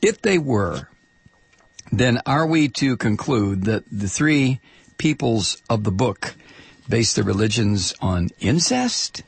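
A male talk radio host rants and mocks in a gravelly, husky voice, stumbling over fillers and restarts. His pitch swings widely and often jumps into high shouts. The sound is dry and close to the mic. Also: expressive, dry recording. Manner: ranting and mocking, with bursts of high-pitched shouting; halting, with many fillers and restarts. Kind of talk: political talk radio monologue.

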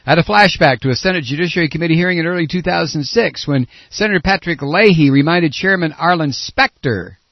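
A man's voice: a little high, fast, few pauses, dry recording. A man hosting a political talk radio show, ranting sarcastically and reading news clips aloud, on a dull lo-fi broadcast. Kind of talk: opinionated talk radio monologue.

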